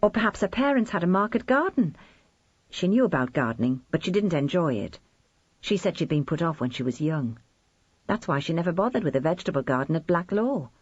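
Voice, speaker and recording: Brief: woman reading as an irritable daughter for an audiobook; deeper voice, dry and close. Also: sing-song, fairly quick, breathy edge, no room sound. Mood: explaining. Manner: curt, defensive retorts. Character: defensive grown daughter, curt and irritable. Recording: slightly dull lo-fi recording.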